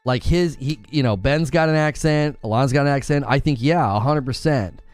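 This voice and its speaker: A man's voice: mid-range voice, normal speed, darkish tone, clear, resonant tone, no room sound. An American man hosts a co-stream in a loose, casual chat. He rambles and fills his sentences with small verbal fillers. Faint music plays behind him. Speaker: co-stream host.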